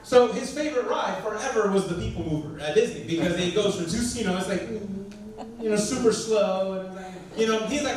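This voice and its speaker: A man with a strikingly high voice tells a sermon story in a loose, lively way, often breaking into laughter. He sounds distant from the mic. His voice rings around a very echoey hall. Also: normal speed, a little hiss or hum. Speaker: pastor. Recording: very echoey church hall from far off.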